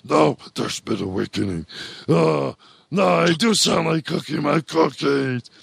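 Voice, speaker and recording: Man doing a gravelly growling villain voice. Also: a little high, unhurried, no room sound, clean studio sound, heavily acted. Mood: mock menacing. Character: deep growling villain voice, male, menacing.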